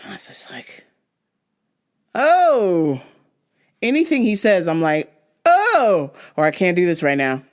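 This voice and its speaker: A young woman from Southern California hosts her own show, ranting and swearing freely. Her pitch swoops widely as she mocks people in put-on voices. It is loose, animated, casual talk. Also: unhurried, long pauses. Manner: profane, animated, mocking voices and laughing. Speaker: podcast host. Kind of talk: casual rant monologue.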